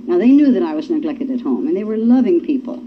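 On a dull lo-fi recording with a little hiss or hum, a woman with a lowish voice tells her recovery-meeting testimony fast and very animatedly. Her storytelling is folksy, and she acts out the quotes.

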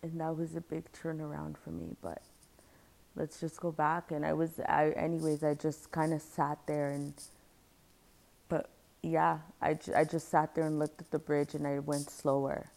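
A woman telling a personal story in a candid, earnest, halting way, sometimes dropping to a near-whisper. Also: low voice, level tone, gravelly, darkish tone. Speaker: storyteller sharing a personal experience.

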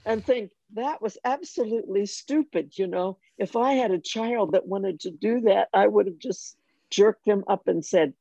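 An older woman telling a personal faith story in conversation, animated and self-mocking, with frequent restarts. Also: medium pitch, moderate pace, creaky, dry recording, muffled recording. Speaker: guest sharing her testimony.

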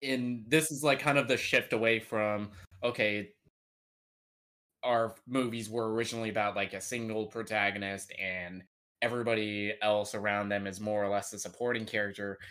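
A man's voice: on the low side, steady tone, moderate pace, fairly bright tone, clear, resonant tone. A man chatting casually on a podcast, rambling and joking with lots of "like" and "uh" fillers. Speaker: podcast co-host. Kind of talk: casual chat.

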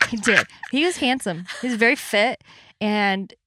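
A woman guest on a podcast chatting casually, teasing and making jokes, quick to laugh. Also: mid-range voice, sharp tone, no room sound. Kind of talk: casual chat.

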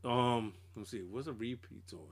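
A male podcast co-host in loose, profane conversation. He retells scenes with quoted reactions and plenty of swearing. His voice sits at an ordinary middle pitch. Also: moderate pace. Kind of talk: casual chat.

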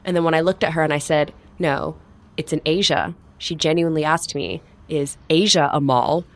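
A woman from Singapore co-hosts a casual podcast, her English leaning American with a Singaporean mix. She talks in an animated way and breaks into high laughter often. Her voice sits a little low. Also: normal speed. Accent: mixed Singaporean and American-leaning English. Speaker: podcast co-host. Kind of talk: casual chat.

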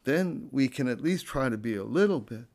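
A man's voice: medium pitch, animated, gravelly, darkish tone. A man giving an informal, earnest spoken reflection on a scripture story, often repeating phrases and restarting his sentences. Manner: earnest, unhurried, conversational.

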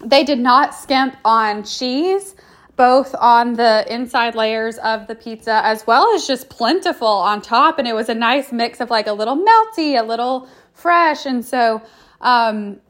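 A woman's voice: a little high, measured pace, fairly bright tone. Chatty, rambling woman. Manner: chatty and rambling, with many fillers and restarts. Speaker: food reviewer. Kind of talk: casual chat.

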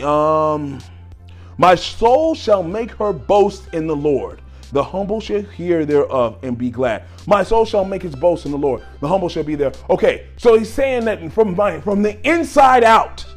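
Guy preaching, goes low then yells, bright high voice, soft music behind. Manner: exhorting, swings from low talk to shouting. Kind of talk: preaching a sermon.

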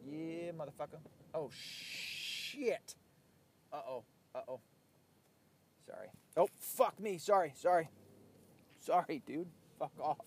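A man's voice: fairly high pitch, animated, unhurried, pauses often, darkish tone, breathy edge. A man hosting his own show, ranting bluntly and profanely in casual talk while he drives a car. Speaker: podcast host. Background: faint vehicle noise.

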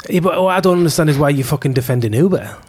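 A man's voice: fairly high pitch, animated, racing, darkish tone, slightly rough. Blunt, swearing man in casual chat. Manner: blunt, swears freely, opinionated.

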